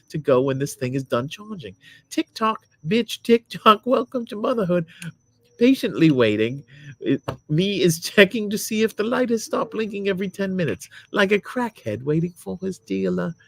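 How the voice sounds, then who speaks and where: A man's voice: sits high, animated, normal speed, creaky, voice pushed up, exaggerated voice. Breezy gossipy mom reading her review aloud, a man putting her on. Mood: chatty. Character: chatty mother, a woman reviewing a gadget.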